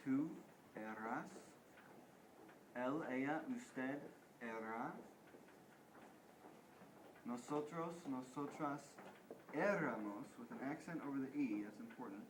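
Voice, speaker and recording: A man's voice: mid-range voice, slow pace, long pauses, noisy background. A young man reading a school presentation on Spanish grammar from a script, with a slight stumble over Spanish words. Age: teenager or young adult.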